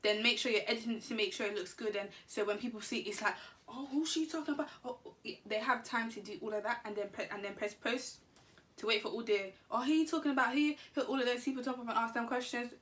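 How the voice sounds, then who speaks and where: A woman telling a story to camera in an animated, slangy, laughing way. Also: a little high, fast talker, far from the mic. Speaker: vlogger. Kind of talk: casual storytime.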